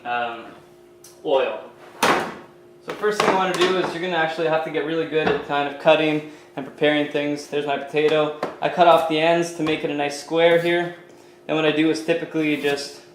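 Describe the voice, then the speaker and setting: Talking casually to camera in his home kitchen, a Canadian fitness coach demonstrates a recipe in a chatty, loose way, with many fillers like "you know." His voice runs on the high side. There's background noise and a roomy sound.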